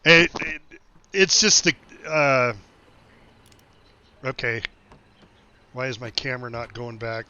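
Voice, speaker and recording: Streaming a game, this middle-aged man from the United States talks casually at a slow pace with frequent pauses. His medium-pitched voice sounds pushed, bright and clean, he laughs a lot and rambles with restarts, and the sound is dull and dry.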